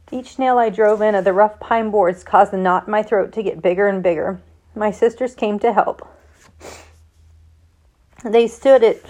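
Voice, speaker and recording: A woman reading a novel aloud in first person, in a steady way with small stumbles and self-corrections. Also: mid-range voice. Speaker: audiobook reader.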